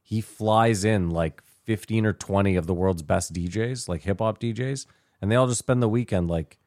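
A man's voice: lowish voice, moderate pace, a little mellow, no echo, clean studio sound. A man co-hosting a podcast in casual chat, blunt and swearing freely. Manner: blunt and heavily profane. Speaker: podcast co-host.

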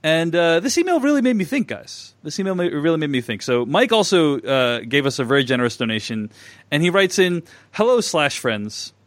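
Guy host on a podcast, bit high voice, dry close mic, laughs a lot reading emails. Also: big pitch swings, a little fast, no room sound. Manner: reads listener messages aloud, laughing easily. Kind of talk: casual podcast chat.

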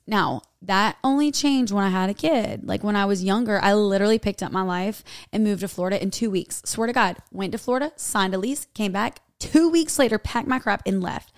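A woman's voice: medium pitch, brisk, hardly any pauses, no room sound, clean studio sound. Chatty woman telling a story. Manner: chatty, rambling storytelling with many "like"s. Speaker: podcast co-host. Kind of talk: casual chat.

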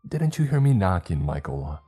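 A man voicing a nosy, sharp-tongued elderly woman neighbor who scolds and judges. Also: deep voice, animated, moderate pace, soft background music. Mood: scolding. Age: older.

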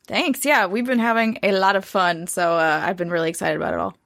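A woman's voice: fairly low pitch, fairly even intonation, fairly quick, creaky, fairly bright tone, no room sound, clean studio sound. A woman who is a guest on a podcast, chatting in a friendly, straightforward way. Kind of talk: casual chat.

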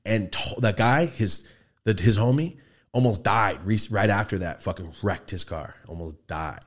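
Speaking at normal speed in a voice on the low side, the podcast host animatedly recounts a profane street tale. He performs the quoted lines and gun sounds himself, keeping the tone casual in the studio.

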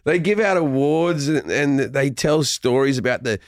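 A middle-aged man with an Australian accent, a comedian guesting on a podcast, telling animated stories and laughing often. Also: moderate pace, dry recording, clean studio sound. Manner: animated storytelling, laughing often, drops into mock-deep voices. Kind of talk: casual chat with anecdotes.

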